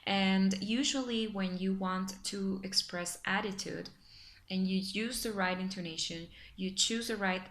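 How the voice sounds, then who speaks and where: A woman's voice: medium pitch, fairly even intonation, measured pace, a little hiss or hum. A woman whose first language is Spanish, presenting a lesson with careful pacing, frequent fillers and self-corrections. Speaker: student presenter. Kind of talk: explanatory lesson.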